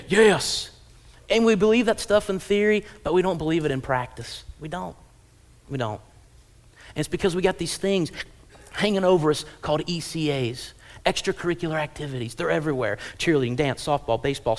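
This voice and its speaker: A middle-aged man preaches a sermon in a church auditorium. His voice sits a little high, and he talks to the congregation in a loose, conversational way. He slips into different voices when he quotes people in his stories. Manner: conversational, animated storytelling with acted quotes. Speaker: pastor.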